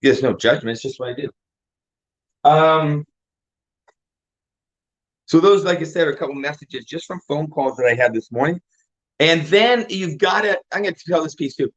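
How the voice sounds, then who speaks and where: A man's voice: on the high side, moderate pace, pauses often. Upbeat older man coaching, lo-fi audio. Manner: energetic, repeats points with rhetorical questions. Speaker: fitness and home business coach. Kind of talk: casual motivational talk. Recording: dull lo-fi audio.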